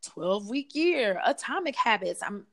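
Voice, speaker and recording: A woman life coach talking in a casual podcast interview, lively and expressive, with slangy asides and frequent laughter. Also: mid-range voice, a little slow.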